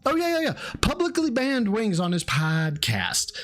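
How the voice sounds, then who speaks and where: A man's voice: high voice, wildly swooping pitch, normal speed, fairly bright tone. A man hosting a live stream who mocks the people in the clip, laughs a lot, swears freely and acts out impressions of them. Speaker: stream host reacting to a clip.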